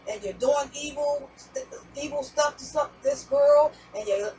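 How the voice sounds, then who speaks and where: A woman's voice: high voice, a little slow, over music. A woman doing a casual spiritual message reading as a tarot reader, blunt and profane, talking straight to her viewers. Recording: distant mic with background noise.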